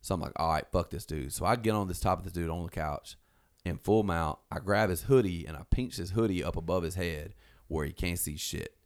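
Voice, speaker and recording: A man's voice: sits low, a little fast. A man casually telling a rowdy story, swearing and acting out what people said in raised voices. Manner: animated, swearing, acts out quotes in raised voices. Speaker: storyteller guest.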